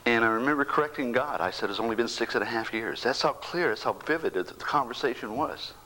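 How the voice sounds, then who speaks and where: A man in his sixties, a bereaved father, giving a halting personal faith testimony that keeps repeating words and slips into whispers. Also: medium pitch, lively intonation, sharp tone, slight background noise, rough recording.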